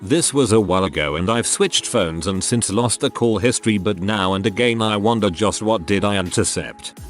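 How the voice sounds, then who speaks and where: A man reading online stories aloud as scripted narration, in a lively storytelling manner. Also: on the low side, normal speed, faint music behind.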